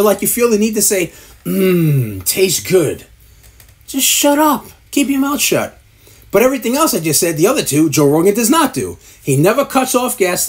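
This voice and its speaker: A man's voice: high voice, darkish tone. A man giving blunt, profane podcast advice, exasperated and mocking as he mimics other hosts. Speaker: podcast producer. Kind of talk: ranting advice to camera.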